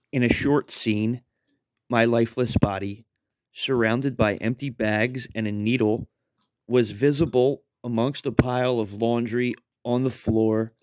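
A man in his thirties tells a story in a deadpan, wry manner, with casual swearing. His voice sits fairly low. The close-miked recording is very dry, with no room sound at all. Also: no echo. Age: 30s. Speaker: narrator. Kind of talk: storytelling narration.

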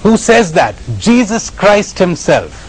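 An Indian-accented man giving a spiritual talk, moving between stories and lessons with emphatic stresses and dramatic pauses. His fairly high voice swings widely in pitch. A faint steady hiss runs under the recording. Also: poor audio. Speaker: spiritual retreat speaker. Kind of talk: spiritual lecture with storytelling.

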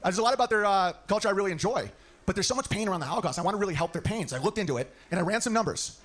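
A man's voice: high-pitched, expressive, racing, a bit bright. A man performing a stand-up comedy set, telling rambling, mock-sincere stories.

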